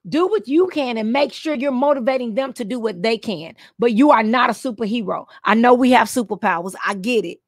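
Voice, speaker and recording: Peppy, high-pitched woman coaching teachers. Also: no echo, clean studio sound. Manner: preachy and playful, with punchy repeated phrases. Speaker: teacher coach hosting a live stream. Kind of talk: motivational live-stream talk to teachers.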